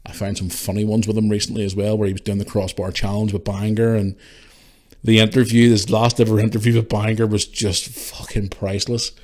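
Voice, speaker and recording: Tearful Northern Irish man, lowish voice. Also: little pitch movement, darkish tone. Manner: tearful, emotional, swearing, halting restarts. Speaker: podcast host. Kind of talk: emotional tribute monologue.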